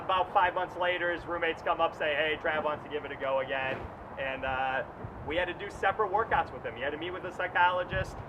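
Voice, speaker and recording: A man, a track coach, tells a story as a lecture, talking loud and fast. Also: sits high, background noise. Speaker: track coach giving a presentation.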